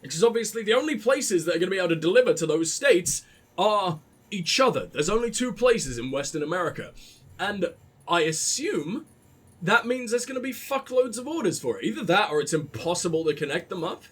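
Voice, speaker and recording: Male let's play host, high lively voice, profane, rambling, tired. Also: fairly quick, breathy edge. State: tired after a late night. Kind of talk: video game commentary.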